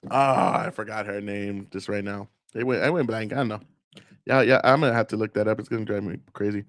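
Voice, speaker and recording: A man's voice: on the low side, brisk, fairly bright tone, dry recording, clean studio sound. A man hosting a casual political rant, profane and rambling, often mocking the people he talks about. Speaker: political commentary host.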